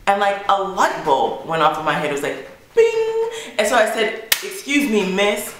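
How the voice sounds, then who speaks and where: A woman vlogger telling a story in a chatty, animated way, with swearing. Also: mid-range voice, moderate pace, noisy background. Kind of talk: storytime monologue. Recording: very echoey room.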